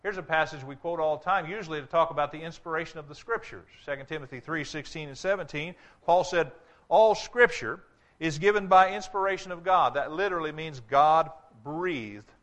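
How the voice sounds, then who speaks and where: A male preacher delivering a sermon, reading scripture aloud and slowing down hard on key words for emphasis. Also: fairly high pitch, fairly bright tone. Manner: emphatic, slows to stress scripture quotes.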